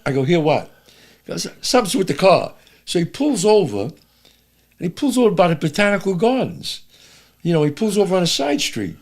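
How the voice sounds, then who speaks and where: Animated older man with a New York accent. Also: fairly high pitch, fairly quick. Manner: animated, swearing, acts out characters' lines. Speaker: guest. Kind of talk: casual storytelling chat.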